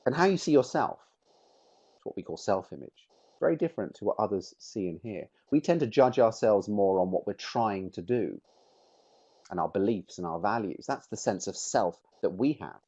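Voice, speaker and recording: A man's voice: lowish voice, lively intonation, normal speed, dark tone, husky, highs cut off. A middle-aged man presenting a webinar, speaking with emphatic, shifting stress on key words. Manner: emphatic, varies stress on words to make points.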